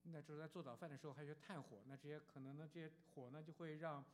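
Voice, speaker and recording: A man interpreting a sermon phrase by phrase, quick and halting, with fillers. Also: fairly high pitch, steady tone.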